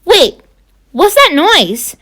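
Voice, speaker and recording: A woman's voice: very high voice, big pitch swings, pushed and bright, voice pushed up, heavily acted. Marshall, a woman voicing an eager pup. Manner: halting, stumbling over words. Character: eager young male Dalmatian pup.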